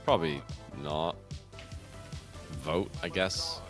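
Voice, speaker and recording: A man's voice: low voice, takes it slowly, over music. A man streaming a co-op game, bantering dryly and breaking into laughter. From New Zealand. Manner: dry, deadpan, laughs a lot when joking. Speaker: co-op gaming streamer. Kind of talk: casual banter over gameplay.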